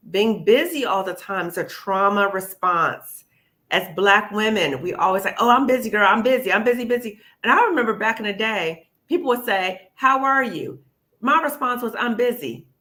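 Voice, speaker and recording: A woman hosts a live panel discussion over a video call. Her voice is bright and forward, and she talks in an emphatic, encouraging way. She keeps checking in with "okay?" and calls the listener "sis". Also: mid-range voice. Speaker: host.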